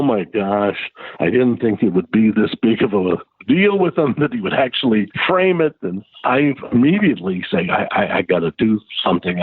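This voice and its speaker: A man's voice: breathy edge, no echo. A man telling a casual anecdote as a guest, acting out the people he quotes. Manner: lively, acts out quoted voices with big pitch jumps. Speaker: guest storyteller. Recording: tinny phone-like sound.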